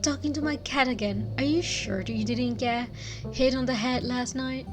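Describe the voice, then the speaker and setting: A woman's voice: high-pitched, steady tone, normal speed, music in the background, natural voice. A woman voicing a blunt, grumpy young woman who speaks in a dry manner.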